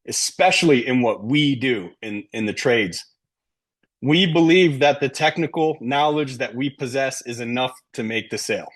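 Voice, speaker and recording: A middle-aged sales trainer coaches his team, speaking emphatically and frequently checking in with "right?". His mid-range voice moves at a normal speed.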